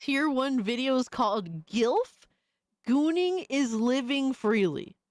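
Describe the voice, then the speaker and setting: A woman streaming live, reacting to viewer videos with loud, exasperated, profane commentary and frequent shouts of disbelief. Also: high voice, lively intonation, slow pace, no echo. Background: music.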